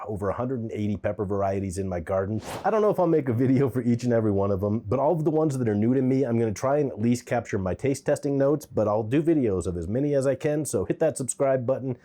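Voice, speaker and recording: A man's voice: mid-range voice, quick pace, hardly any pauses, warm tone. A man giving a casual, candid pepper tasting review, thinking aloud with the odd um.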